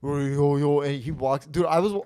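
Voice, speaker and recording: A man's voice: fairly high pitch, moderate pace, clear, resonant tone, no echo, clean studio sound. A young man hosting a comedy podcast, telling rambling, profane stories in casual chat. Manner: rambling, profane, animated storytelling. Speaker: podcast host.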